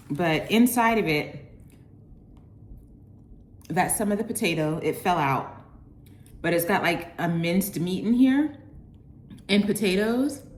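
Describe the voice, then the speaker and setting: A young woman reviews takeout to camera at home, her voice leaping up and down with lively excitement. She gushes between bites and sometimes talks with her mouth full. The room is echoey, with a faint ambient hum behind her. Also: lowish voice. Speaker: lifestyle vlogger. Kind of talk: casual food review to camera. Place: at home, indoors.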